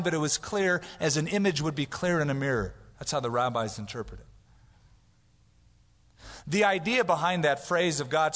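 A man preaching a conversational expository sermon as pastor, animated and casual, sometimes acting out loud prayers for effect. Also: a little high, big-room sound.

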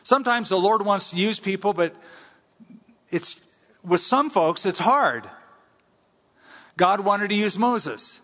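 A man preaching a conversational sermon, teaching from the Bible with animated swings between high and low. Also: slow, long pauses. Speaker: pastor. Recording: long reverb in a large hall.

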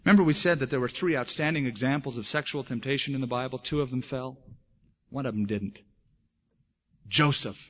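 A male pastor preaching with a lively, swooping delivery that rises and falls for emphasis. His voice is slightly husky. The recording is dull and lo-fi, like an older church tape. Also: on the high side. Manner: animated preaching, acting out voices in stories. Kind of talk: sermon.

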